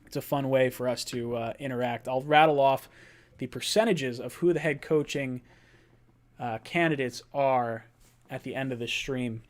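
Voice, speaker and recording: Chatty male sports podcast host. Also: mid-range voice. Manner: chatty, quick bursts of speech; lively and playful with chat. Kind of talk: live-stream sports chat.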